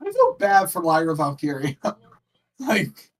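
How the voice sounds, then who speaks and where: High-voiced man a little off-mic. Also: unhurried. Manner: opinionated, animated, laughs often. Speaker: co-host on a wrestling watch-along stream. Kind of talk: casual livestream chat. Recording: voice sits distant from the mic.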